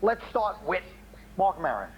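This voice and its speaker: A man's voice: high voice, very animated, unhurried. A man hosting a comedy panel show, giving sarcastic joke advice and laughing through his lines. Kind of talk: joking advice and panel banter. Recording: muffled TV audio with loud background noise.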